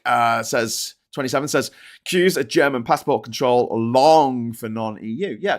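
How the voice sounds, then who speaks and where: A man hosting a livestreamed news show, ranting in exasperation about the day's stories and reading out viewer chats. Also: mid-range voice.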